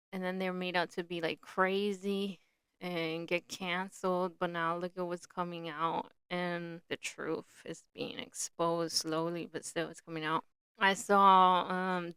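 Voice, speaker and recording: Slow-talking woman podcast host, crisp and dry. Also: lowish voice, a bit bright, no room sound. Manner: chatty, speculative, uses filler "like". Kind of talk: casual solo commentary.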